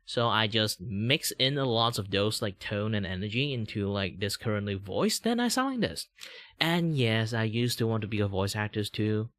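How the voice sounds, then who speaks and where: A man in his thirties from Malaysia with a Malaysian English accent, chatting casually on a livestream in a rambling, meandering way with a deliberately raised tone. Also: on the low side, steady tone, a bit bright, no echo. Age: 30s. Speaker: VTuber streamer.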